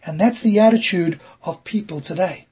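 A middle-aged man delivers a sermon with a strongly husky, raspy voice that sits a little higher than most men's. He preaches earnestly and presses his listeners with rhetorical questions. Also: normal speed, a little mellow. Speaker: pastor.

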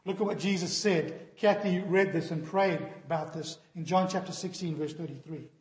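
A man's voice: a little high, normal speed, a little mellow. A man preaching a sermon as pastor, telling a joke with animation and then pressing his points with emphasis. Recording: echoey reverberant hall.

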